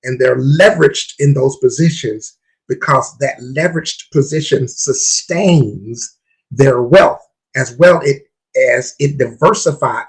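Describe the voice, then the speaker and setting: A man's voice: mid-range voice, breathy edge, rough recording. A man hosting a podcast, talking about investing in a casual, emphatic way, repeating himself to drive points home. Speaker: podcast host.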